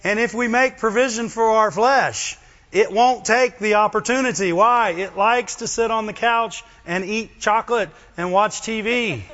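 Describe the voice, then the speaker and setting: Animated preacher man, lo-fi recording. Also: high-pitched, a little slow. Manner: animated, asks the congregation questions. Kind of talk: sermon. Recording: dull lo-fi recording.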